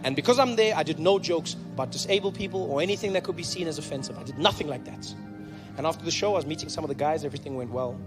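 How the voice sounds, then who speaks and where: A man's voice: on the high side, rapid-fire, long reverb tail, music in the background. A man from South Africa with a South African accent, telling a story as a stand-up comedian. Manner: animated storyteller.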